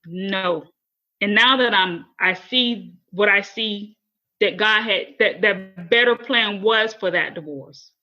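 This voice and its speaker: A woman's voice: medium pitch, bright, forceful tone, highs cut off. A woman guest on a podcast telling a personal story candidly and earnestly, often repeating and restarting phrases.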